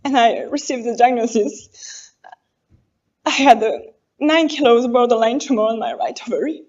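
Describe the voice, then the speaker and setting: A woman in her twenties from France, a native French speaker with a French accent, giving an earnest, halting prepared speech as a pageant contestant and correcting herself as she goes. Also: a little high, a little mellow, muffled recording. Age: 20s. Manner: apologetic and earnest, halting English with self-corrections.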